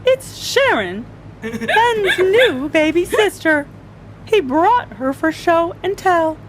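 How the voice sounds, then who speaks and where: A woman's voice: extremely high pitch, very animated, takes it slowly, noisy background, pitched above the performer's own voice, full character voice. A woman voicing a flustered female schoolteacher in a storybook reading, drawn out and exasperated.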